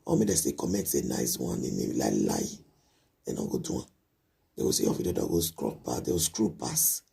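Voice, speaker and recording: A man rants in a very deep, gravelly voice, his pitch leaping wildly up and down. He scolds and repeats himself in a late-night vlog monologue, and his voice sounds dark and husky. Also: big pitch swings, brisk. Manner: ranting, repetitive, scolding. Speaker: live-video vlogger.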